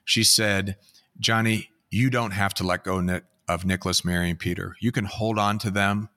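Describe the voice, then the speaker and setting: A middle-aged man, a podcast guest, speaking in a gentle, measured way with halting pauses. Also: on the low side, steady tone. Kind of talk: conversational podcast talk.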